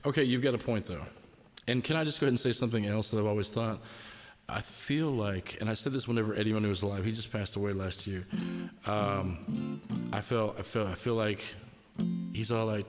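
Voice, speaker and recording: A man's voice: on the low side, fairly quick. A man hosting a live stream, chatting casually and jokily between songs, rambling and laughing often. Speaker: live-stream host and singer. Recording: long reverb, faint guitar behind.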